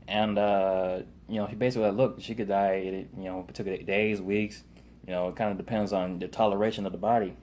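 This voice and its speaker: A man's voice: lowish voice, little pitch movement, a little fast, a little mellow, slight background noise. A man casually recapping a TV episode, rambling with lots of fillers and loosely paraphrased quotes. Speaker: TV show reviewer.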